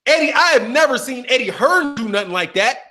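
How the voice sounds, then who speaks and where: High-voiced man ranting about boxing. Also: fairly quick. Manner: animated, ranting, profane, mocking impressions. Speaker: boxing channel host. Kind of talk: casual commentary rant.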